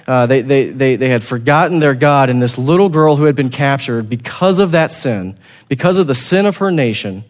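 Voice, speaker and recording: A man preaching a sermon, retelling a scripture story with lively acted-out voices and frequent repeated words. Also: medium pitch. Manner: animated storytelling, acting out the characters; repeats words while finding the thought. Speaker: pastor.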